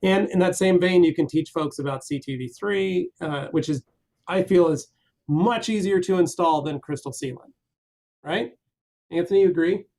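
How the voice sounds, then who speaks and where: A man on a live question-and-answer stream, reading out viewer comments and answering them in a relaxed, rambling way. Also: fairly high pitch, moderate pace.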